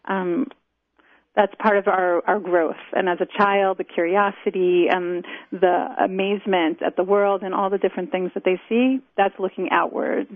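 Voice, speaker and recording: A woman's voice: medium pitch, flat delivery, moderate pace, dry recording. A woman guest in a phone interview, speaking in a reflective, thoughtful way. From Israel. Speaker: author guest. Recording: tinny phone line, dry.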